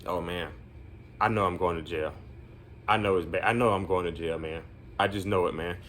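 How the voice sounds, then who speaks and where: A jittery teenage boy, as a man puts him on, muttering his worries in a low, hushed voice. He sounds anxious and withdrawn, barely lifting his words. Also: moderate pace, slight background noise. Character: nervous teenage boy fearing jail.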